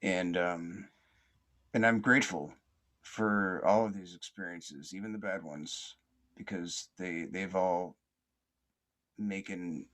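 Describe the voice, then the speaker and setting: A man hosting a podcast, reflecting in a slow, halting way with many fillers and restarts, in a soothing, almost sleepy cadence. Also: deep voice, steady tone, fairly bright tone. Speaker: podcast host.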